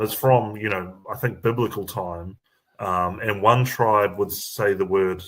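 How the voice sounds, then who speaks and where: Kiwi male comedy guest, lowish voice, rambling delivery with many ums and restarts. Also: a bit bright. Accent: New Zealand. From New Zealand. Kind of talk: casual chat.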